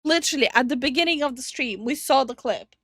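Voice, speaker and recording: A woman's voice: high-pitched, lively intonation, fast talker, a bit bright, no room sound. A woman co-hosting a react video, making incredulous, dry remarks. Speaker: YouTube react co-host. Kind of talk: casual react commentary.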